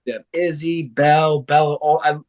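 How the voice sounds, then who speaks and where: With a somewhat high voice and a moderate pace, a thirty-something fighter on a podcast shares stories in relaxed chat. His storytelling is animated, and the swearing flows freely.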